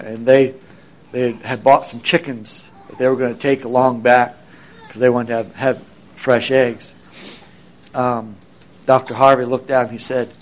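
A man with a voice of middle pitch tells a story in a loose, rambling way. He fills it with ums and restarts and briefly acts out the people in it. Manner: rambling, with many fillers and restarts, acting out quoted dialogue. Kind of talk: casual spoken storytelling.

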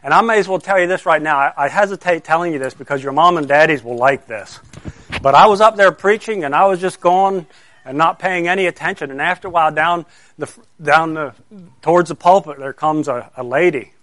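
A man's voice: on the high side, fairly quick, a bit bright, dry recording. A middle-aged man, a pastor telling a story to children and asking them questions as he goes. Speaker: pastor giving a children's sermon.

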